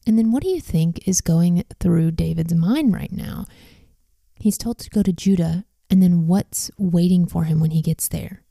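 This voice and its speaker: Woman Bible study leader, measured questioning tone, warm timbre, dry room. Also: lowish voice, vocal fry, no echo. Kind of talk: scripture reading with discussion questions.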